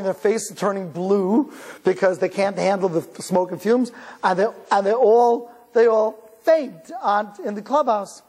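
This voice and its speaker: A man's voice: sits high, darkish tone, breathy edge. A man from Cleveland, Ohio, giving a live talk as a rabbi, telling stories conversationally, restarting sentences and chuckling along with the audience. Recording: long hall reverb.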